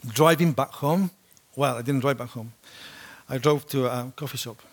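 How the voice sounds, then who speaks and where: A man preaching a sermon to a congregation, telling a personal story with lively acted-out quotes. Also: mid-range voice, moderate pace, a little hiss or hum. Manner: animated storytelling, acts out quotes.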